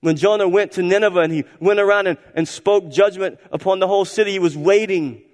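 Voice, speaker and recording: A man preaching a sermon as pastor, emphatic and repetitive, swinging between loud and hushed. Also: high voice, fast talker. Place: church sanctuary. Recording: church hall reverb.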